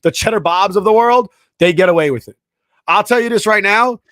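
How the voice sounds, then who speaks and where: A man's voice: sits high, fairly quick, fairly bright tone, no echo, studio quality. A man co-hosting a casual podcast, arguing insistently with long examples. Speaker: podcast co-host. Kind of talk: casual argumentative chat.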